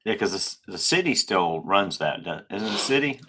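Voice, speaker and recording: A man co-hosting a relaxed talk show, with a deep voice. He is easygoing and agreeable, often chuckling along with his partner. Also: a little fast, husky. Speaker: podcast co-host. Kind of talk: casual chat.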